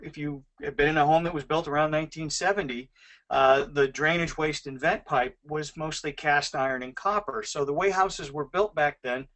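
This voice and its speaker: A man with a somewhat raised pitch gives a clear, explanatory presentation as a webcast guest. He speaks in a formal, orderly way. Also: a bit bright.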